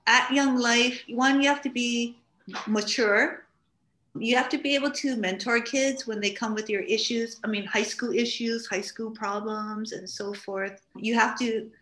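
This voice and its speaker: A middle-aged woman from Hawaii, guest on a talk show, telling stories casually and acting out what people said. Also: fairly high pitch. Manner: animated, acts out quoted speech. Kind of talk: casual storytelling. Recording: roomy studio echo.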